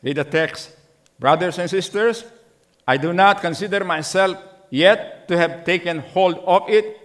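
A middle-aged pastor preaches a sermon, throwing many questions at his congregation and acting out the voices of figures in the scripture story. His voice is high, and he takes his time.

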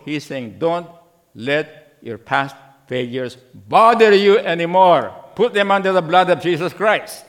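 A middle-aged man preaching a sermon as pastor, asking the congregation many questions and acting out voices from scripture. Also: fairly high pitch. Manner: acts out voices in the scripture story.

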